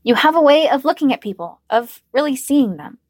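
A woman voicing a cheerful, teasing young female hero who talks in bright, emphatic bursts. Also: high-pitched, animated, brisk, no echo, studio quality, pitched above the performer's own voice. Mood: earnest.

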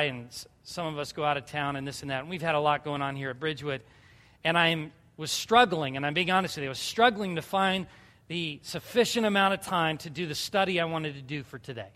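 A man's voice: a little high, fairly bright tone. A man in his thirties preaching a sermon as pastor, earnest and conversational, building to fervent appeals. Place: church sanctuary. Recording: reverberant hall.

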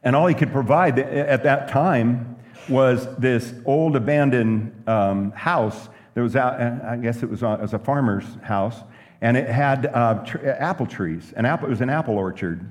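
A pastor preaching a sermon, telling stories and asking the room questions. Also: male voice, medium pitch, normal speed, long reverb tail. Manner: lively preaching with stories and asides.

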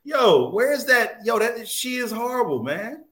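A man's voice: very high-pitched, very animated, unhurried, fairly bright tone, roomy sound. A man co-hosting a casual show recap, ranting profanely and laughing as he talks. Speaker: podcast co-host.

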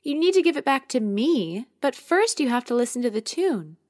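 A woman doing a high wistful little girl. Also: sing-song, normal speed, a little mellow. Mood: childlike. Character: little girl about five, wistful and insistent.

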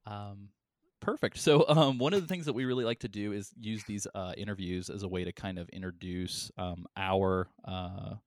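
A man hosting an interview, relaxed and halting, with many fillers. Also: fairly low pitch, no echo, clean studio sound. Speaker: interview host. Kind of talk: interview, casual.

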